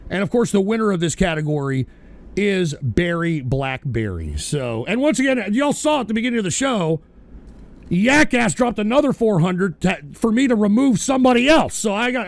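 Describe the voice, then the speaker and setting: A man hosting an online show, running an awards segment in a profane, animated rant. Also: sits high, brisk, creaky, dry recording.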